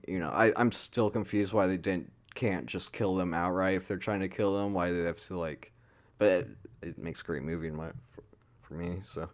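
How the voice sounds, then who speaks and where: Deep-voiced man ranting casually. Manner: rambling, crude, heavy swearing and filler words. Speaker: movie reviewer. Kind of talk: casual spoken movie review.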